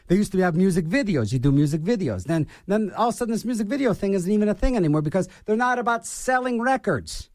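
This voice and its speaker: A man's voice: high-pitched, lively intonation, quick pace, few pauses, a little mellow, dry recording, studio quality. A man hosting a radio show, rambling and ranting in a self-mocking way as he jumps from topic to topic. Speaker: radio DJ host. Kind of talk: rambling on-air monologue.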